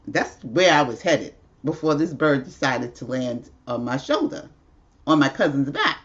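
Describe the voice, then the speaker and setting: A woman's voice: low-pitched, sing-song, normal speed, lo-fi sound. A woman hosting a casual livestream at home, telling a rambling story with frequent laughs. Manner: chatty, rambling, laughs often. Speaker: livestream host.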